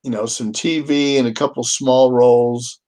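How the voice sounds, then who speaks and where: Relaxed man co-hosting a chat. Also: mid-range voice, normal speed. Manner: relaxed, explanatory, thinks aloud with restarts. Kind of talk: casual live chat about a film.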